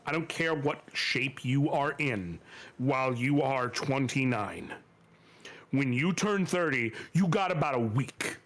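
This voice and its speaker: A man's voice: mid-range voice, lively intonation, measured pace, a bit bright. A man in his thirties co-hosting a stream, telling emphatic, casual anecdotes with some swearing and speaking straight to the audience. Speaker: stream co-host.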